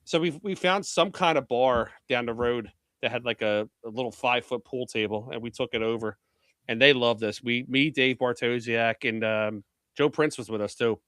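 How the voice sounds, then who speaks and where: A man's voice: mid-range voice, moderate pace, fairly bright tone, dry recording. A man from Philadelphia telling brash, profane stories in a casual podcast chat. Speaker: pool media executive, guest.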